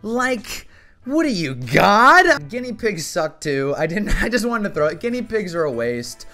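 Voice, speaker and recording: A man vlogger ranting to camera in an exasperated, animated way, swearing often. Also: high voice, a little slow, faint music behind. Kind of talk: casual comedic rant to camera.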